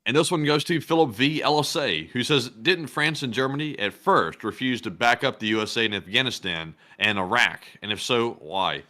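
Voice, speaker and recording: A man's voice: medium pitch, normal speed, few pauses, sharp tone. A man, co-hosting a live stream, who is unwell and coughing as he reads viewer names and questions aloud. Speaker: co-host.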